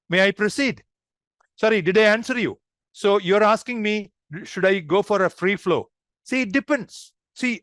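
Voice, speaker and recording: A man's voice: high voice, a bit bright, dry recording, clean studio sound. A man leading an online public speaking workshop, demonstrative and addressing the group as friends.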